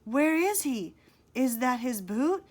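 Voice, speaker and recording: A woman's voice: high voice, very animated, slow pace, heavily acted. A woman voicing a panicked, then furious boy in a storybook reading, calling out frantically and growling. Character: panicked, angry boy, leader of the friends.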